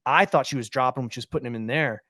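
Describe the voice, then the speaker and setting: A man's voice: medium pitch, racing, no room sound. Dry-voiced man telling a family story. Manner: animated storyteller acting out quotes. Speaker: podcast host. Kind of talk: casual storytelling chat.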